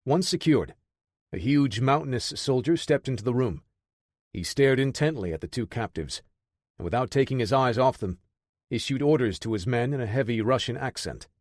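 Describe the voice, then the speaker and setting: A male audiobook narrator reads in a steady, measured manner at medium pitch. The sound is dry, with no room sound at all.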